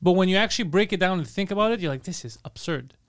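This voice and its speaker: A man's voice: high-pitched, expressive, fast, clear, resonant tone. A man co-hosting a comedy podcast, riffing playful observational bits in casual chat. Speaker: podcast co-host.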